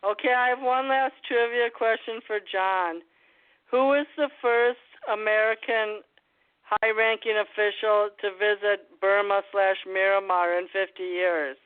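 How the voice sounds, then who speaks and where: A woman hosting a casual call-in talk show, quizzing her co-hosts with trivia in a brisk, joking way. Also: medium pitch, steady tone. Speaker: host. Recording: tinny phone-like line.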